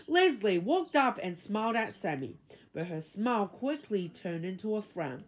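A woman reading a children's book aloud, chapter by chapter, with expressive, dramatic storytelling. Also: medium pitch, moderate pace, slightly rough. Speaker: reader.

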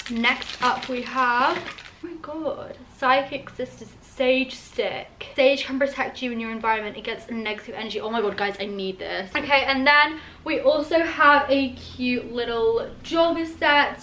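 A young woman chats into her camera at home, her voice sitting high. She gushes over each item, peppering her speech with "like" and "oh my god.". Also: a bit bright, slight background noise. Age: young adult. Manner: gushing, full of "like" and "oh my god". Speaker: vlogger. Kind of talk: casual unboxing vlog. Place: at home indoors. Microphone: handheld camera.

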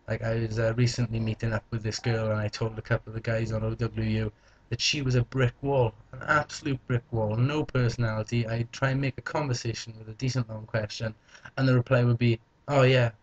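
A young man chats on his vlog, answering viewer questions with a playful, joking edge. His voice sits at an ordinary middle pitch for a man. The recording sounds a little dull and lo-fi. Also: level tone, a little fast, slight background noise. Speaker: vlogger.

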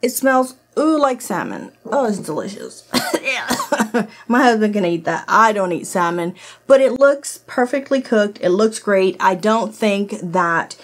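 A woman's voice: medium pitch, very animated, a little slow. A woman who did not grow up speaking English hosts a casual product review vlog, talking straight to her viewers. Her delivery is blunt and full of laughter, and she swears freely as she tries out a kitchen gadget at home. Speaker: host of a product review channel. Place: indoors at home, in her office.

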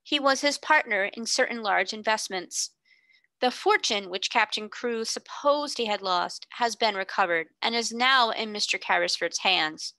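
Casting: a woman playing a cool, exact storybook solicitor, quiet and level with a faintly sly edge, bright dry voice. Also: fairly high pitch, a little slow, no echo. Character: calm, precise male solicitor. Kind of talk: audiobook character reading.

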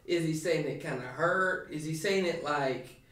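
A man's voice: fairly high pitch, measured pace, far from the mic. Emphatic man preaching in an echoey room. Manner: animated, emphatic preaching with many restarts. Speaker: pastor. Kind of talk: podcast sermon talk.

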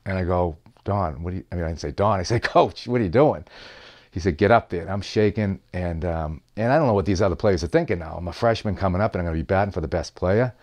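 A man's voice: low-pitched, fast talker, few pauses. A man recalling a story from his playing days, acting out the dialogue as he tells it. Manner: animated anecdote telling with quoted dialogue. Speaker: former player telling a story. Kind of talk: storytelling interview.

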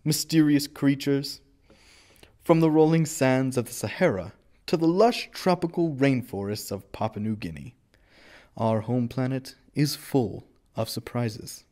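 A man's voice: medium pitch, slow, a little mellow, close to an everyday voice. An actor playing a self-important male TV news anchorman with a pompous, grandiose delivery.

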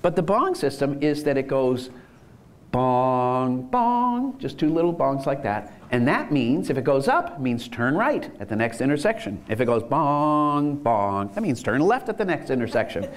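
A man's voice: mid-range voice, very animated, a little fast, few pauses. A man giving an enthusiastic conference lecture, chuckling as he explains ideas. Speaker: lecturer on universal design.

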